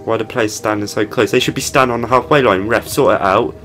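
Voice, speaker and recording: A man's voice: fairly low pitch, steady tone, fast, a bit bright, soft background music. A young man giving casual gameplay commentary and heckling the game characters. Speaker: gaming channel host.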